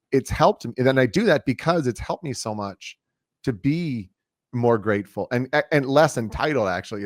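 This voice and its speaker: A man hosting an interview, telling a rambling personal story with lots of fillers and animated asides. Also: lowish voice, dry recording, studio quality. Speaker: host. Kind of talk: casual interview chat.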